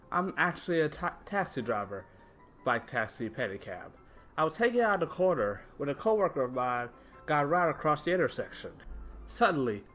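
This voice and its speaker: Lively man reading stories aloud. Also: medium pitch. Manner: animated reading with small self-corrections. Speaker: story narrator. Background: faint background music.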